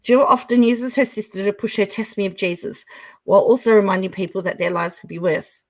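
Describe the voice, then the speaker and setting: A woman's voice: medium pitch, fairly even intonation, brisk. A middle-aged Australian woman hosting a casual livestream, reading viewer comments aloud, chatting and laughing often.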